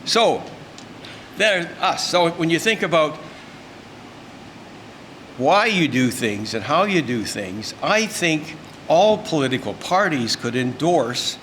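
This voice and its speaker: A man's voice: fairly high pitch, bright, forceful tone, a little hiss or hum. An older man, giving a folksy, emphatic, rambling informal speech at a luncheon. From Canada. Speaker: speaker at a luncheon. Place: event room.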